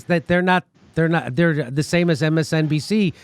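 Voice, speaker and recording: A man hosting a political commentary show, talking in an animated, mocking and profane way. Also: on the high side, normal speed, few pauses, smooth. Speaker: show host.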